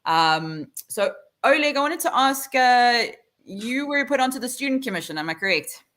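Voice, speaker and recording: A woman's voice: fairly high pitch, animated, moderate pace, fairly bright tone. A middle-aged South African woman hosting a live online panel over a video call, chatty, with many fillers. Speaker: host.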